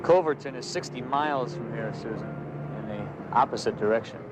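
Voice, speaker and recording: A man's voice: mid-range voice, brisk, background noise, lightly acted. An actor playing a stern police detective who questions and lectures a young woman on a street. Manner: firm, lecturing. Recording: old TV drama with music behind.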